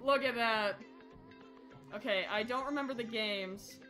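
A woman's voice: on the high side, measured pace, faint music behind. A young woman streaming a horror game, chattering jokingly to herself and shrieking and laughing when something startles her. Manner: excitable, shrieks and laughs when startled, jokey self-talk. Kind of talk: live horror game commentary.

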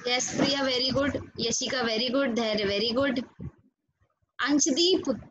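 Indian woman teacher, high voice, slow and patient, online class over a call. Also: a bit bright, husky, lo-fi sound. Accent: Indian English. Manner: patient, repeats names and questions, praises students. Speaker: school teacher. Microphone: video call.

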